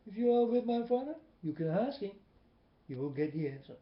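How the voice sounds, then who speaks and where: A man preaching a personal testimony in non-native English, emphatic, swinging between loud and soft. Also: high voice, sing-song, a little fast. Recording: echoey, dull lo-fi recording.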